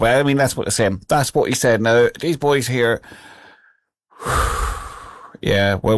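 A man's voice: mid-range voice, normal speed, no echo. Chatty middle-aged male radio presenter. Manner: rambling and chatty, with many fillers. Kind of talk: casual radio dedications.

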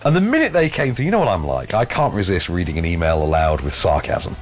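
Sarcastic, husky English man. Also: low-pitched, big pitch swings, fast talker, soft background music. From England. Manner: sarcastic, rambling with many restarts. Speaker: film review podcast host. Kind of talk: casual chat.

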